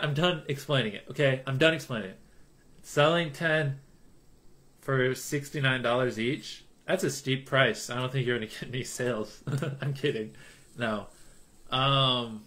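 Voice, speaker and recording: Young man, livestream chat, jokey, loud hype then mumbling, bright voice, keyboard clicks behind. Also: mid-range voice, moderate pace.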